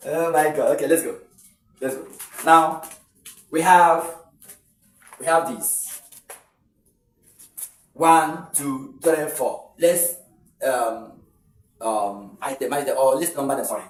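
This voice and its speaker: A man's voice: medium pitch, a little slow, pauses often, recorded from a distance, slight background noise. Male tutor, walks students through stress rules step by step, recorded in an echoey room a bit away from the mic. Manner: explains step by step, counting syllables aloud, frequent fillers and restarts. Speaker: English tutor. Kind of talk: exam-prep lesson.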